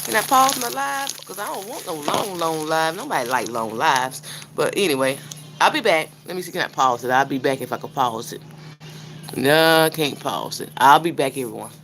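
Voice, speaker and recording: A woman's voice: low-pitched, lively intonation, normal speed, fairly bright tone, a little hiss or hum. A woman chatting casually to her viewers while she cooks breakfast live in her home kitchen. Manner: chatty, talks straight to viewers. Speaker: cooking vlogger livestreaming. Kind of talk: casual live cooking chat.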